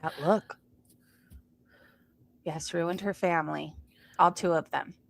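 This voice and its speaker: A woman's voice: lowish voice, fairly even intonation, takes it slowly, vocal fry. A woman hosting a gossip reaction stream, tossing in snarky, mocking comments over a clip. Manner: snarky, mocking, dry asides.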